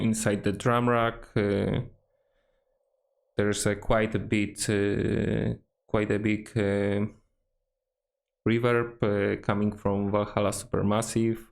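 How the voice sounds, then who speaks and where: Gravelly slow-talking man with lots of fillers. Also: fairly low pitch, flat delivery. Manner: hesitant, many fillers and restarts. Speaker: music producer. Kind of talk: casual tutorial walkthrough.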